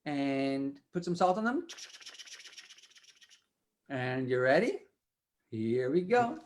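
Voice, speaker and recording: A man's voice: mid-range voice, big pitch swings, takes it slowly. A man leading an interactive music lesson for children, playfully coaxing them to repeat after him. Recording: children chattering in the background. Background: children's voices.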